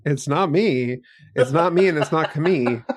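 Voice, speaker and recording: A man's voice: fairly high pitch, moderate pace. A man co-hosting a podcast, chatting casually and teasing the others with sarcasm. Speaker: podcast co-host. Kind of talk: casual chat.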